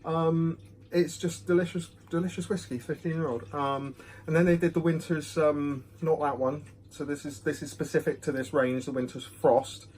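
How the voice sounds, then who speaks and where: A man's voice: a little high, steady tone, normal speed, darkish tone, a little hiss or hum. A man giving a casual, rambling whisky review at home. He is self-deprecating and fills his talk with ums, recorded on a phone. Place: home room. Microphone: phone camera.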